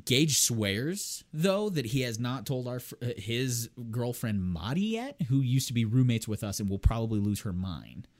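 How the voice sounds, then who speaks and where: A man's voice: medium pitch, sing-song, moderate pace, few pauses. A man in casual chat, rambling through a story about his partner's pregnancy, laughing often and doing his friends' voices. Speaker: expecting father telling a story.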